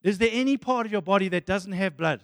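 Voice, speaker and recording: A man preaching a sermon as pastor, animated and excitable, dropping to soft asides at times. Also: high-pitched, fast, no room sound, long reverb tail.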